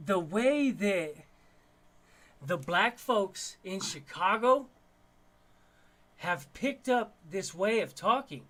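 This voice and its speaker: High bright-voiced man rambling on a live stream. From Denver, Colorado. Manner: rambling, repeats words and restarts often, slangy. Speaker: livestream host. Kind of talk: casual live stream chat.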